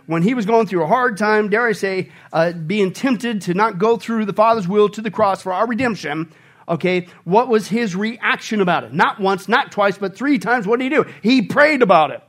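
A man preaching a sermon, animated and joking, often asking his listeners questions. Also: sits high, normal speed. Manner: animated, asks the congregation questions, jokes. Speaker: pastor.

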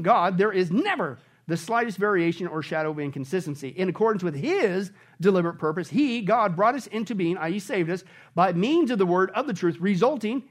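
A high-pitched man preaching from the pulpit. He swings from loud, emphatic bursts down to low, quiet stretches and keeps throwing rhetorical questions at the congregation. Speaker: pastor. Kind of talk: sermon.

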